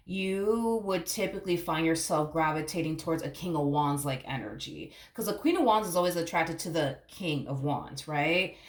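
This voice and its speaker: A woman's voice: deep voice, echoey room. A woman giving a casual tarot reading to camera, blunt and swearing freely, calling the viewer honey. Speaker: tarot reader.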